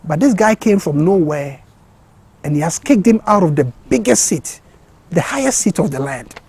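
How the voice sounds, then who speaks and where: A man delivers a motivational talk with a high, husky voice and a mellow tone. He talks with passion, repeats words and restarts sentences, and climbs to excited peaks. The sound is dry and close. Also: normal speed. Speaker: speaker giving a motivational talk.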